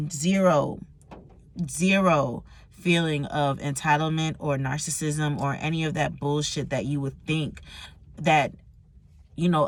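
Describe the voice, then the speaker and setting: A young woman talking candidly and emotionally in a personal vlog, swearing freely and using slang. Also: low voice. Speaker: vlogger.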